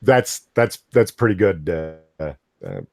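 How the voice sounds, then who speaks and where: A man's voice: deep voice, huge pitch swings, slow pace, creaky, a little mellow, no room sound, studio quality. A man co-hosting a comics podcast, reading an article aloud with sarcastic, exasperated commentary. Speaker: podcast co-host.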